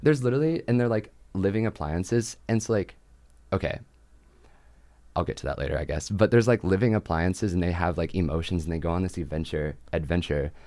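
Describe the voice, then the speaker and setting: A man's voice: low voice, a little fast, mellow, no room sound. A young man hosting a college radio show, chatting casually with playful sarcasm and frequent giggles. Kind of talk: casual joking chat.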